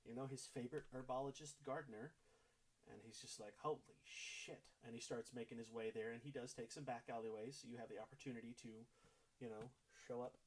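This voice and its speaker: Husky-voiced man, game master, loose narration. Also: mid-range voice, fairly even intonation, quick pace, a little mellow, low-quality recording. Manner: loose, filler-heavy narration.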